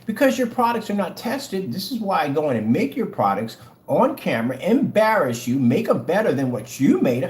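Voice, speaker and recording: Man, taunting, mocking, lively swooping voice, echoey room. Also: sits high. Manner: mocking, taunting, dramatic swings in tone. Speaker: online product seller. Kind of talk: taunting rant to camera. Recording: echoey room, faint noise.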